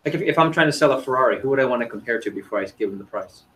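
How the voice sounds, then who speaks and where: A man's voice: mid-range voice, expressive, very fast, pushed and bright, a little hiss or hum. A man leading an interactive sales training seminar, quizzing the audience in an upbeat, chatty way.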